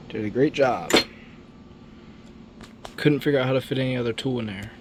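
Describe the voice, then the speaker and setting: A man's voice: mid-range voice, moderate pace, noisy background. Rambling, slangy man in a home workshop. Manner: rambling and offhand, with slang and swearing. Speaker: hobbyist building a model plane. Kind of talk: casual workshop vlog.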